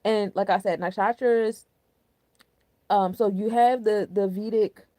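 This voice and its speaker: A woman's voice: mid-range voice, steady tone, measured pace, dark tone, no room sound. A young woman hosting a casual astrology and numerology forecast, chatty and candid, full of loose slang and filler words. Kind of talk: casual spiritual forecast talk.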